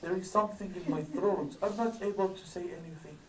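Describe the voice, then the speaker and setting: A man telling a tearful story at a religious gathering, his voice rising higher and louder as the story builds. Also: fairly quick, roomy sound, far from the mic, slight background noise, rough recording. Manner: grows louder, higher and crying-like as the story peaks. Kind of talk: emotional story sermon. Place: mosque hall.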